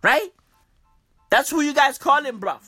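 A South African woman hosting a podcast delivers a profane, slang-heavy comic rant, tacking "bruv" and "okay" onto nearly every line. Her voice sits high with lively intonation, a little slow, bright and forceful, with no room sound and faint music behind.

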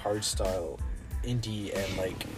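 A man's voice: low-pitched, fairly even intonation, unhurried, music in the background. A teenage guy co-hosting a casual podcast, rambling through stories with lots of filler words. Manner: rambling, filler-heavy, laughs often. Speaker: podcast co-host. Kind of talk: casual chat.

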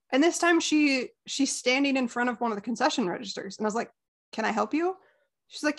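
A woman's voice: sits high, brisk. A woman co-hosting a podcast, casually telling exasperated, wry stories about her work at a movie theater. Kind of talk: casual storytelling chat.

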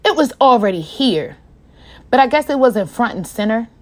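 A woman hosting a podcast, talking in an impassioned, casual monologue that swings between a low, quiet voice and a raised one, addressing her listeners as y'all. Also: sing-song, normal speed. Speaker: podcast host.

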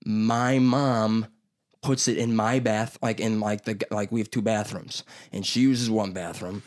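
A man's voice: on the low side, steady tone, a little slow. Young man rambling in casual chat. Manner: rambling, swears a lot, does loud impressions. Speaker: podcast host.

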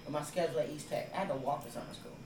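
Rapid-talking woman in an echoey room. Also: low voice, darkish tone, slight background noise. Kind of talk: casual chat.

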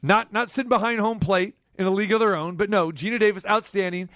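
High-voiced rambling sports radio host man. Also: fast, no room sound, studio quality. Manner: rambling animated storyteller, jumps between high and low. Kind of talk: casual sports talk chat.

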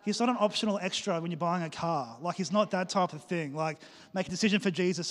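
A male pastor, preaching a lively sermon and joking as he acts out little scenes for the congregation. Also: high-pitched, fast talker. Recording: reverberant church hall.

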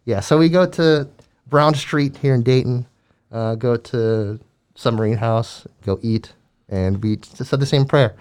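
Man, mid-pitch, earnest animated storyteller, casual chat. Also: a little slow, clear, resonant tone. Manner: earnest, animated retelling with acted quotes. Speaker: guest telling a ministry story.

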